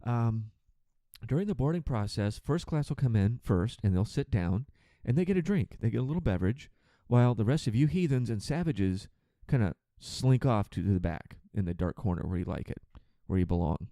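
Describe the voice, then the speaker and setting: A man rants on a podcast about his flight attendant work, exasperated, sarcastic and swearing freely. His voice is mellow and dark, and it swings widely in pitch as he gets worked up. The recording is close and dry. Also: expressive, no room sound. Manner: acts out passengers in quick put-on voices. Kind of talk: ranting monologue.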